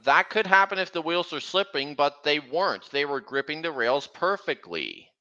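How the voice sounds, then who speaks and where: A man's voice: on the high side, very animated, moderate pace, sharp tone, dull audio. A man hosting a casual livestream, rambling on eagerly about trains and their sound effects. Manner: rambling train-enthusiast commentary. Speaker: livestream host. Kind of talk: casual stream chat.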